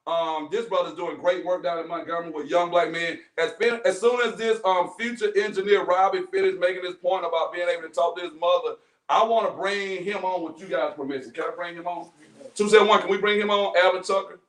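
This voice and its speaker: A man hosting a podcast, talking with teens in an animated, storytelling way. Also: sits high, brisk. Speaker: podcast host. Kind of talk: casual group discussion. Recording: echoey room from far off.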